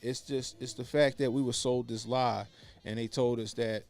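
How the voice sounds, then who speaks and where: A man's voice: medium pitch, steady tone, moderate pace, darkish tone. A man talking in casual opinionated commentary, blunt and profane, repeating his points for emphasis. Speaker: podcast co-host.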